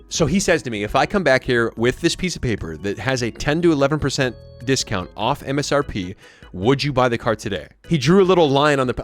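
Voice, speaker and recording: A young man casually telling a rambling story to his stream audience, often mimicking the people he quotes. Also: medium pitch. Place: home streaming setup. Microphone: studio mic.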